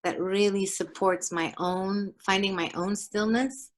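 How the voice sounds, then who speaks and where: Woman, forest therapy guide, video call, calm, slow, reflective, middle pitch. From Portugal. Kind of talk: guest on a video call interview.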